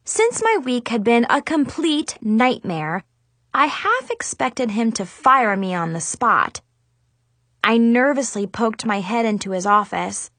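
A young woman narrating a story in a lively, expressive reading style. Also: fairly high pitch, measured pace, no room sound. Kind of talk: scripted audiobook narration.

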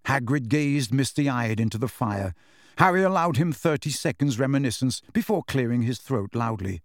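A man's voice: mid-range voice, lively intonation, moderate pace, dry recording, studio quality. A man narrating an audiobook, reading the speech tags expressively.

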